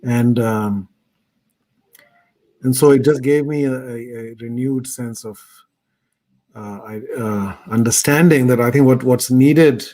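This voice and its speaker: A man's voice: medium pitch, takes it slowly, long pauses, dark tone. Middle-aged man, mid-range voice, earnest reflective guest speaker over a video call. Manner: earnest, thoughtful. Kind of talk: reflective personal storytelling talk.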